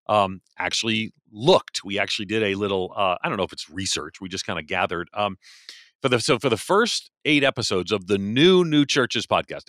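A man hosting a podcast, talking in a chatty, animated way and often correcting himself mid-sentence. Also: on the low side, no echo, studio quality. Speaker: podcast host. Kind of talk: casual podcast talk.

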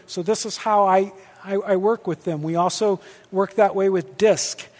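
A male pastor teaching on leadership in a lively, joking way, acting out quoted dialogue. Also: high voice. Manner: animated, jokey, acts out quoted dialogue. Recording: long hall reverb.

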